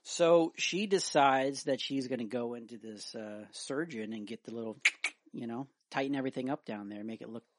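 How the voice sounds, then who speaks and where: A man's voice: medium pitch, background noise. A young adult man co-hosting a podcast, chatting casually and telling a story with lots of ums and restarts. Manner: halting storyteller with many fillers. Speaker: podcast co-host. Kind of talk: casual chat.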